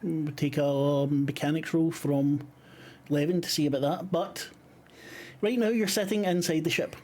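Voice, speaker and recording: A man narrating a tabletop horror game as game master, halting and full of fillers. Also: on the high side, steady tone, a little mellow.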